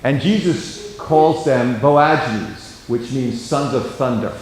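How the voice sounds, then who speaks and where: A male pastor lecturing a class in a relaxed, talky way, voicing the speakers he quotes with plenty of expression. His pitch sits in the middle of the male range, and he keeps throwing in casual asides as he teaches. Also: slow. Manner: animated, acts out quoted speech with expression; casual, asides like "you know what I mean".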